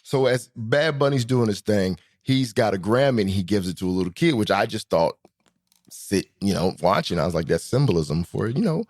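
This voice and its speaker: A man hosting a podcast in a comedic monologue, talking animatedly, swinging between high and low pitch and laughing often. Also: moderate pace. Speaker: podcast host.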